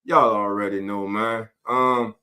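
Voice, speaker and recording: Bright-voiced man hosting live sports talk. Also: on the low side, slow, smooth. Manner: animated, greets chat viewers by name. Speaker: sports show host.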